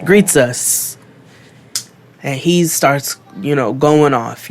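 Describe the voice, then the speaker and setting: A man telling a long story on his podcast, animated and profane, acting out what everyone said. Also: on the high side, slow pace. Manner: animated, profane, acts out quotes. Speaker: podcast co-host. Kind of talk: casual storytelling.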